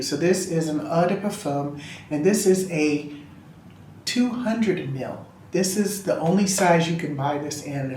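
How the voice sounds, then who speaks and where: A woman's voice: low voice, darkish tone, a little hiss or hum. A woman reviewing a fragrance in casual chat, a gushing and chatty storyteller talking from a room at home. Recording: roomy room echo.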